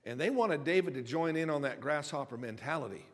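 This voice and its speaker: A man's voice: fairly high pitch, lively intonation, fairly quick. Man preaching in a reverberant hall. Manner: conversational preaching with repeated words and humorous retellings. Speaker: pastor. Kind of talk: sermon.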